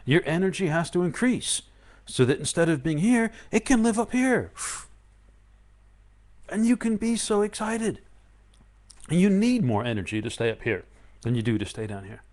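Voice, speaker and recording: A man giving a live-streamed spiritual talk, animated and playful, often acting out excited inner voices. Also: a little high, moderate pace, pauses often. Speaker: spiritual teacher.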